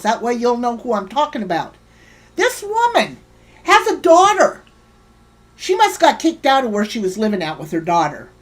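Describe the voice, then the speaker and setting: A woman hosting a livestream, ranting heatedly and swearing while greeting viewers in her chat by name. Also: mid-range voice. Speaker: livestream host.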